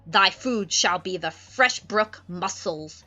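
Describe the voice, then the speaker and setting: A woman voicing Prospero, a stern, scheming old sorcerer father, reading his lines loudly and commandingly. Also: medium pitch, slow pace, dull audio. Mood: threatening.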